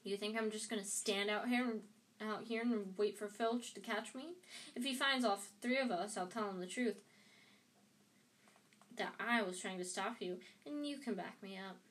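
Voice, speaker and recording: Hermione, a woman doing a shrill bossy schoolgirl. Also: normal speed, fairly bright tone, close to an everyday voice. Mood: stubborn. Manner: snappish, shrill scolding. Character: bossy know-it-all schoolgirl, prim and easily indignant.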